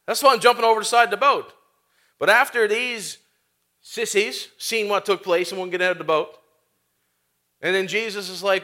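A man's voice: high-pitched, moderate pace, pushed and bright. A man preaching a sermon as a pastor, in a conversational way full of rhetorical questions and asides.

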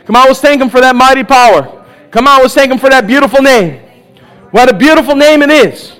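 A preacher with an extremely high, slightly bright voice speaks briskly to a live church congregation. Delivering a charismatic sermon and altar call, he urges them on with "come on" again and again, laughs in bursts and leads them in prayer.

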